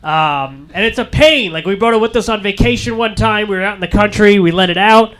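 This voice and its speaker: A man performs a stand-up comedy set in a high, ringing voice. He tells his stories deadpan and acts out each character he quotes. His tone stays bright and forward throughout. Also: a little fast.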